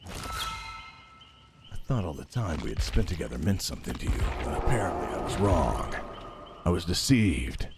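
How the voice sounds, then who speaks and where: A brooding, melodramatic jilted lover, as a streamer puts him on, dropping his voice far down into a slow, hushed lament. Background noise hisses beneath the mock-tragic delivery. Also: deep voice, gravelly, pitched below the performer's own voice, heavily acted.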